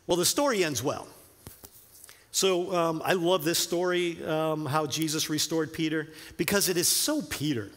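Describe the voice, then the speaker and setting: A male pastor preaching a sermon in a conversational way, telling stories with animated, informal asides. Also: a little high, unhurried. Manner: conversational, animated storytelling with filler words and restarts. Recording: long reverb in a hall.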